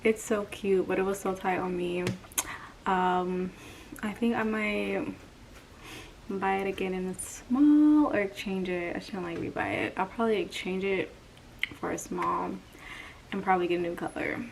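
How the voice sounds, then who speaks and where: A woman's voice: mid-range voice, steady tone, normal speed. A young woman chatting casually through a try-on haul, out of breath and slipping into whispers. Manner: chatty, filler-heavy, drifts into whispers. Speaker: vlogger. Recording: distant mic with clear background noise.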